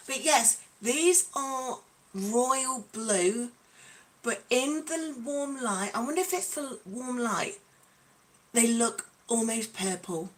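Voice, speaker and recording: Host-type woman on a casual livestream, fairly high voice, bubbly and playful, chats straight to viewers. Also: fairly bright tone. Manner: bubbly, chatty, calls out viewers by name; playful, breaks into song.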